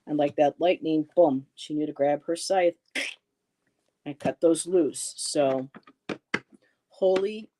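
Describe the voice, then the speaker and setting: A tarot reader hosting a live stream chats casually while giving card readings and answering her chat, in a low, dark voice with a steady tone and measured pace. She's chatty and reassuring, reads comments aloud, and laughs often.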